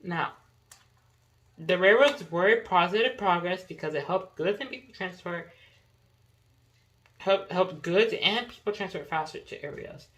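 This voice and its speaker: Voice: mid-range voice, a little slow, pauses often, fairly bright tone, low-quality recording. A young podcast host talking casually through notes, rambling with many fillers and self-corrections.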